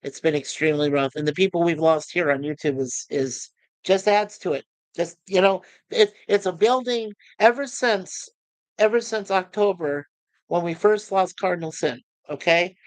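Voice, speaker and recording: Halting man, dry close sound. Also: high voice, dry recording, low-quality recording. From United States. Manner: halting, with many restarts and repeated words. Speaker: YouTube channel host. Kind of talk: emotional personal talk to viewers.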